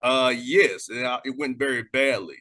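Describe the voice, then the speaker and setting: A man's voice: mid-range voice, normal speed, pushed and bright. Earnest male radio host. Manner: earnest, reflective. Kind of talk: interview, casual conversation.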